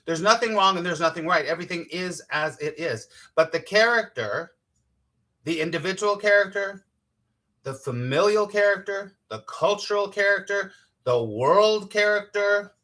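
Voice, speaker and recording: A man's voice: high voice, animated, normal speed, pushed and bright. A man, a spiritual teacher hosting a casual live-streamed morning talk, chatty and playful, laughing often and greeting viewers by name.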